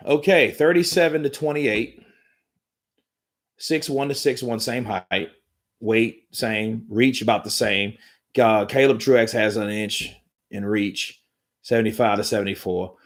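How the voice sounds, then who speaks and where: A man's voice: on the low side, steady tone, slow. A man hosting a live boxing commentary stream, talking in a rambling, profane, joking way from home.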